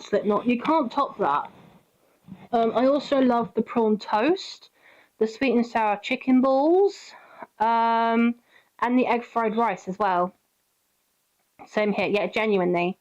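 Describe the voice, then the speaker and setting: British lady streaming, chats with her viewers, kinda high voice, muffled mic. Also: takes it slowly. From Britain. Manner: chatty, giggly, talks to chat by name. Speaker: game streamer. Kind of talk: casual live-stream chat with viewers.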